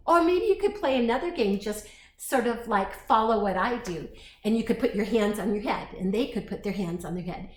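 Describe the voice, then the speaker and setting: A woman teacher reading a picture book aloud to young children, expressive and slow, with asides to her listeners. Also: medium pitch. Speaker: preschool teacher storyteller. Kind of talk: read-aloud storytime for children. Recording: echoey room, faint noise.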